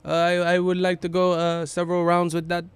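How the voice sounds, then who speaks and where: A hesitant male boxer with a Filipino accent, as a man puts him on, speaks in a pitched-up voice. He stumbles through every sentence on "uh" and "um", and the quiet delivery sits a little back from the mic. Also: completely flat delivery, clean tone, dry recording. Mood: halting accented. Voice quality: halting, full of "uh" fillers.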